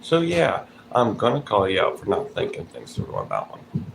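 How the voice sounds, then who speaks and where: A man's voice: lowish voice, huge pitch swings, moderate pace, creaky, poor audio. A man giving blunt, profane commentary in a casual vlog, calling people out directly. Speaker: vlogger. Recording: noticeable background noise.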